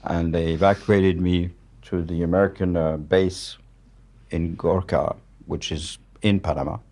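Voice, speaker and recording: Deep-voiced older French man. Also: little pitch movement, unhurried, darkish tone. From France. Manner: blunt, matter-of-fact, swears freely. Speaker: guest, war journalist. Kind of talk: candid storytelling in conversation.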